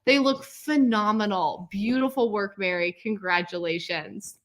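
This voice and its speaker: A woman hosting a quilting class celebration, gushing with praise and calling out each student's name with a loud cheer. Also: medium pitch, measured pace. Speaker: quilting teacher and host. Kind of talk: livestream celebration of student work.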